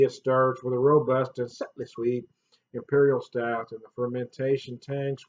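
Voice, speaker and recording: A man's voice: flat delivery, normal speed, highs cut off. Jokey, laughing beer-review vlogger man. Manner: chatty and jokey, laughs often, swings up loud and high. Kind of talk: casual beer review vlog.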